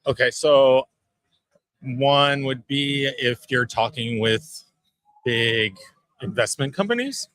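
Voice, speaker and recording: Male founder from Texas, casual and filler-heavy, bright tone. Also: mid-range voice, slow pace, no room sound, poor audio. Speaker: startup founder. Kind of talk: casual pitch explanation.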